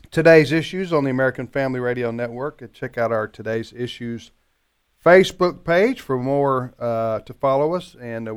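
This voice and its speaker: A man's voice: mid-range voice, clean tone. A man hosting a live talk radio program in the studio, chatty and joking, with frequent fillers. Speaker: radio talk show host.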